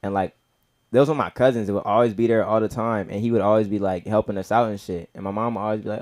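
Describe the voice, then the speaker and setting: A young man of Nigerian heritage doing stand-up at an open mic, rambling in heavy slang with constant "bro" and "you feel me", getting loud and high when acting out stories. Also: fairly even intonation, fast. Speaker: stand-up comic. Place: comedy club open mic.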